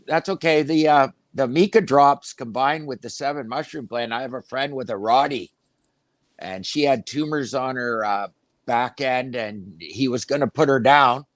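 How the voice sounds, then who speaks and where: A man of middle pitch chats on a talk show, cracking jokes and laughing easily. His voice comes across dry and close, with no room sound around it. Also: normal speed, no echo. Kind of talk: casual talk-show chat.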